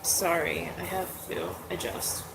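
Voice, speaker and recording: A woman's voice: lowish voice, lively intonation, slow, vocal fry, background noise. A woman in her forties chatting candidly and casually as host, with many "like"s and "um"s. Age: 40s. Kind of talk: casual chat. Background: dogs nearby.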